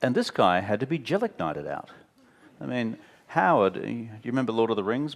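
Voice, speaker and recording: Faint crowd sounds and slight background noise surround a former prime minister in his fifties, an Australian guest on a talk-venue stage. His mid-range voice has vocal fry and runs a little fast as he shares blunt, wry anecdotes, animatedly mimicking those he quotes.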